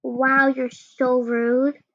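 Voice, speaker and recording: A teenage girl quoting an obsessive, possessive shy girl in a flat, insistent voice. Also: high voice, very slow, dry recording, highs cut off, faint music behind, heavily acted.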